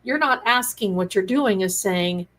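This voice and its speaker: A woman hosting a live spiritual talk stream, chatty and animated, calling viewers her darlings. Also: mid-range voice, measured pace, slight background noise, low-quality recording. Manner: chatty, animated, acts out quoted dialogue, calls viewers darlings. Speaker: psychic and tarot host.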